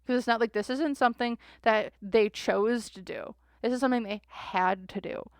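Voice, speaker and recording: A woman's voice: on the high side, moderate pace, no room sound, studio quality. A young woman, reading tarot cards casually to camera and acting out imagined quotes with casual swearing. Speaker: tarot reader.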